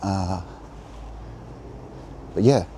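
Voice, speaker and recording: A man's voice: sits low, drawn-out words, dark tone. Rambling man walking outdoors. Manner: rambling, musing, offhand. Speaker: vlogger. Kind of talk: walking tour vlog with talk. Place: outdoors by a harbour. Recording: outdoor noise and passing vehicles. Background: outdoor ambience and traffic.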